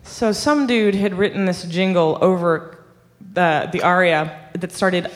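A woman guest singer chatting casually, telling a story with lively energy and frequent laughs. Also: fairly low pitch, unhurried, hardly any pauses, long reverb tail. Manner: animated storyteller, laughs often. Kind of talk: casual chat.

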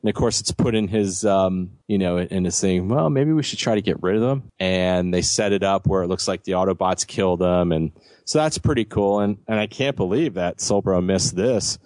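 Rambling, low-voiced man chatting. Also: fairly even intonation, normal speed, darkish tone, no echo. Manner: rambling, many fillers and restarts. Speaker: podcast co-host. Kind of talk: casual chat reviewing a cartoon series.

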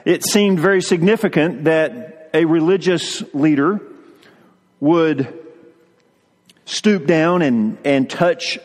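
A man's voice: a little high, slow pace. Earnest male pastor, hall reverb. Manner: earnest, with frequent repeated words. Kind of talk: sermon.

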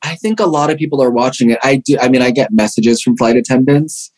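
A man's voice: mid-range voice, quick pace. Chatty man telling rambling stories. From Pittsburgh. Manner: rambling, animated, many fillers and restarts. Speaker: actor guest. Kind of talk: casual interview chat.

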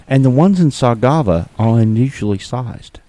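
A man's voice: mid-range voice, animated, a little slow, dark tone. A man chatting wryly and casually as a player in a tabletop game.

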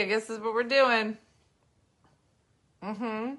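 Slow and fairly even, this woman's fairly high, fairly bright voice comes with slight background noise. Hosting a casual podcast chat in her New Jersey accent, she's a bit tipsy, chatty, and coos sing-song at her dogs.

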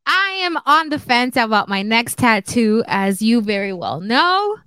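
Smooth-voiced, playful podcast co-host woman. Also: a little high, very animated, unhurried, bright, forceful tone, dry recording, clean studio sound. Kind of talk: casual podcast chat.

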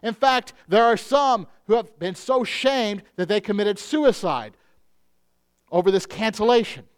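High smooth-voiced male pastor preaching. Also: lively intonation. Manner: earnest preaching, slows on key phrases. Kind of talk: sermon.

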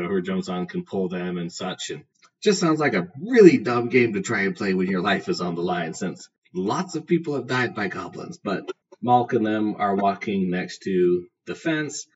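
A man's voice: sits low, slightly rough. A man hosting a solo book review podcast, talking in a casual, rambling way full of fillers. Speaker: podcast host. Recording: distant, dull lo-fi with faint noise.

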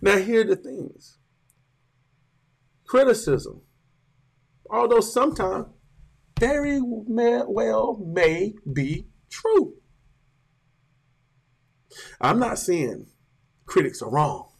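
A man preaches to his congregation in a gravelly, somewhat high voice. He leans into his emphasis and stretches words out slowly for weight. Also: expressive. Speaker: pastor. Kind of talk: sermon.

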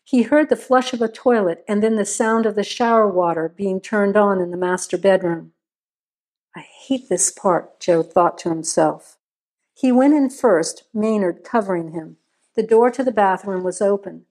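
A woman reading a crime story aloud in a steady, measured narration. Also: medium pitch.

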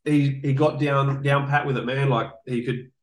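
In a roomy, echoing recording, a man with a mid-range voice speaks at a moderate pace. He's a podcast host and fight coach in casual conversation, blunt and animated, swearing and repeating himself.

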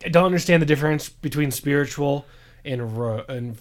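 A man's voice: on the high side, brisk. A man co-hosting a podcast, recapping a show in casual chat with joking asides. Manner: joking, rambling, with playful asides. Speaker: podcast co-host.

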